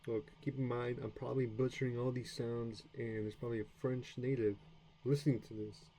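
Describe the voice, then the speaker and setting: Streaming his self-study session, this American learner sounds out French aloud at a fairly quick pace, rambling and self-deprecating with many fillers and restarts. His medium-pitched voice stays level and has a dark tone. The audio is poor, with slight hiss or hum.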